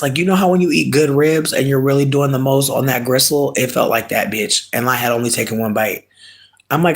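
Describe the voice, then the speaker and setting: A man chatting casually with viewers, ranting in an animated, emphatic, comic way and often stretching words slowly for effect. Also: mid-range voice. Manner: profane, drawn-out slow emphasis. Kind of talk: casual chat.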